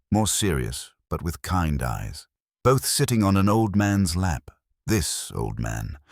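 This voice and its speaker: A man narrating a scripted story in a slow, solemn, measured way. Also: a bass voice, dry recording, studio quality.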